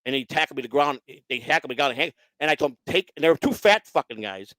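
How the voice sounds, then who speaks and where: A man's voice: mid-range voice, quick pace, no room sound, rough recording. A man hosting a casual online show, telling a long profane story and acting out the voices of the people in it. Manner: profane, animated, acts out quoted voices. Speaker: host.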